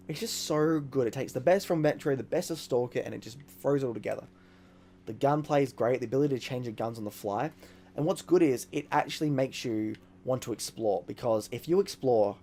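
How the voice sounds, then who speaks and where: A man talking casually over a video game he is playing, excitable and rambling, swearing often. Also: mid-range voice, slight background noise. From Australia. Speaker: gaming YouTuber. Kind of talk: casual let's-play commentary.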